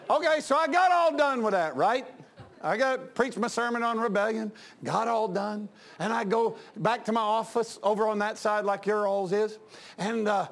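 A male pastor with a high-pitched voice preaches in a folksy, anecdote-filled style, swinging between loud outbursts and quiet asides.

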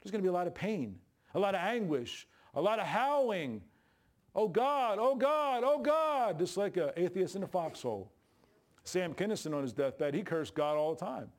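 A man's voice: lively intonation, a little fast, darkish tone. Folksy, emphatic male preacher. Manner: folksy, emphatic preaching with sudden pitch jumps and laughs. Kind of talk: sermon.

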